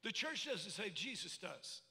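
In a large hall whose walls echo his high, bright voice, a pastor delivers a sermon in a folksy, animated style with call-and-response asides to the crowd. He speaks at a measured pace with a creaky edge, and the recording carries echoey hall reverb.

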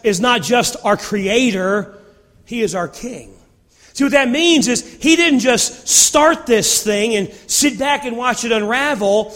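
A male pastor preaching a sermon in a church, animated and playful with the congregation. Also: very high-pitched. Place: church sanctuary. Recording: long hall reverb.

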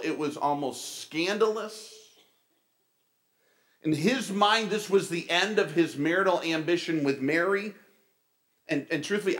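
A male pastor preaching a sermon, telling stories with animated delivery and casual asides to the congregation. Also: a little high.

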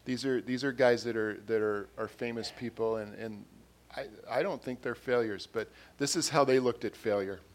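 A man preaches earnestly, repeating his phrases and getting louder when he reads quotes and scripture. His mid-range voice is steady in tone, at a normal speed.

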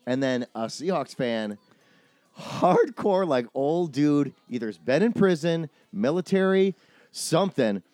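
A man's voice: on the high side, expressive, measured pace, darkish tone, no room sound. A middle-aged man co-hosting a podcast, telling a story in casual chat, acting out quotes and swearing freely. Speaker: podcast co-host.

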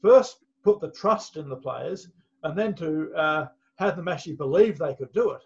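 A man co-hosting a podcast, giving thoughtful, measured comments. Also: fairly high pitch, lively intonation. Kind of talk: casual podcast chat. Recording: dull lo-fi mic.

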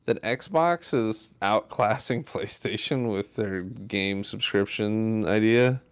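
A man co-hosting a gaming podcast in casual chat, playful and animated, often trailing off and restarting mid-sentence. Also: lowish voice, takes it slowly, clear, resonant tone, no echo, clean studio sound. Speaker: podcast co-host.

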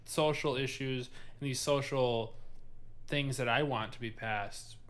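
Young guy podcast host, mid pitch, thinks out loud, chuckles a lot. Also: fairly even intonation, measured pace. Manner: thoughtful, searching, laughs easily. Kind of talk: casual chat.

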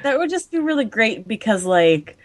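A woman's voice: fairly high pitch, sing-song, moderate pace, dry recording, studio quality. A woman co-hosting a podcast in casual banter, chiming in with laughs and signing the show off. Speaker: podcast co-host.

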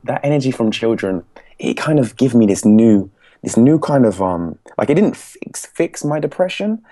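A young English man with an English accent, a podcast guest telling his story in an animated way, laughing often and acting out what others said. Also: medium pitch, normal speed. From England. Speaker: podcast guest, speaking coach. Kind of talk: casual storytelling.

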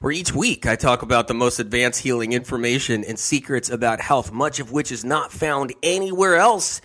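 A man hosting a health radio show delivers a casual monologue in a medium-pitched, slightly bright voice at normal speed. He's giggly and emphatic, and he often repeats himself.

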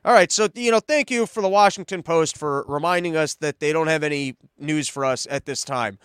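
A man's voice: fairly high pitch, fairly quick, a bit bright, smooth, no echo. A man hosting a podcast, giving rambling, mocking political commentary full of sarcastic asides. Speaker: podcast host.

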